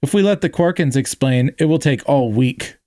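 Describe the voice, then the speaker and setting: A man's voice: mid-range voice, animated, normal speed, darkish tone, no room sound, clean studio sound, lightly acted. A man voicing a polite female alien team leader who speaks stiffly and formally. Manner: stiff formal speech without contractions.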